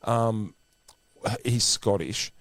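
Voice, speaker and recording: A middle-aged man hosting a podcast in casual chat. He tells lively anecdotes and acts out the voices of the people in them. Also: lowish voice, drawn-out words, no echo. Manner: animated storyteller who acts out the voices of the people in his stories. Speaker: podcast host.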